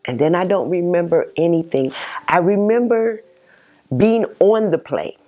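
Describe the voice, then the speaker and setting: Middle-aged woman, low voice, unhurried, halting personal testimony, faint music bed. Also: warm tone. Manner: halting, emotional, many pauses and restarts. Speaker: mother telling her personal story.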